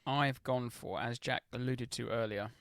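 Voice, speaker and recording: A man co-hosting a football podcast, telling a story with lively energy. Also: mid-range voice, normal speed, clean tone, no room sound, studio quality. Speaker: podcast co-host. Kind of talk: casual football podcast chat.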